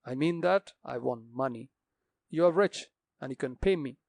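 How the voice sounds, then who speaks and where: A man's voice: medium pitch, animated, normal speed, vocal fry, darkish tone, no room sound. A man voicing a desperate, vicious captain who threatens and demands money fiercely.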